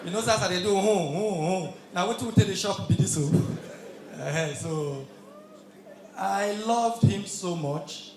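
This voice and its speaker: A man with a Nigerian accent doing a stand-up comedy routine on stage, shouting his punchlines in Pidgin. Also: high voice, a little slow, a little hiss or hum. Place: live comedy show stage with audience. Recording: echoey live venue with crowd.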